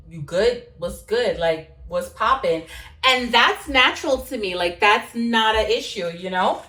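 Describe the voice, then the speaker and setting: A woman's voice: fairly high pitch, background noise. A young woman chatting casually as she cooks in her kitchen. She is playful and laughs at herself. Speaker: cooking vlogger. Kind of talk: casual chat while cooking. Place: home kitchen. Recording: roomy sound from a distance.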